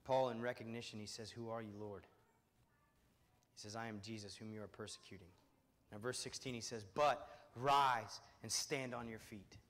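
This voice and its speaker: A pastor preaching a sermon to his church, dropping to a hush on quoted words and rising loud on emphasis. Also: fairly low pitch, steady tone, moderate pace. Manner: swings from hushed, soft quoting to loud, soaring emphasis. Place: church sanctuary. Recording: long hall reverb.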